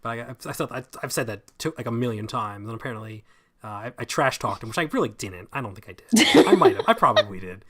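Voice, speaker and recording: A man's voice: mid-range voice, quick pace. A man hosting a live streamed chat show, talking casually and stumbling over his words. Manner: animated, self-deprecating, stumbles over words. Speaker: show host. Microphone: streaming mic.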